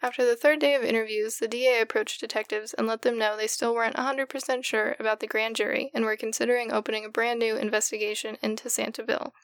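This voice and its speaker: A woman's voice: fairly high pitch, level tone, fast talker, few pauses, no room sound, clean studio sound. A woman co-hosting a podcast, teasing her co-hosts in casual chat and reading scripted case narration. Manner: teasing, reads case notes.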